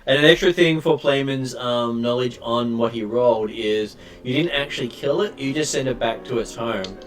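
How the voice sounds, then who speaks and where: A man running a tabletop game as game master, talking hesitantly with many pauses. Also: medium pitch, soft background music. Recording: distant from mic, faint noise.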